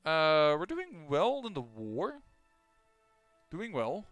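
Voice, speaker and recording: A fairly high, smooth-voiced man talks his way through a strategy game, thinking aloud and stumbling over restarts and fillers. He sounds clean and close on a desk mic. Soft game music hums faintly beneath him. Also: huge pitch swings, takes it slowly, no room sound. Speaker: gameplay commentator. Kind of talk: casual strategy game commentary.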